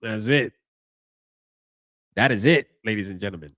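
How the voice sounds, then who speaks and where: A man's voice: on the low side, moderate pace, a bit bright, dry recording. Man, stream host, casual slangy chatter, thinking aloud, dead dry sound. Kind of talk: casual live reaction stream.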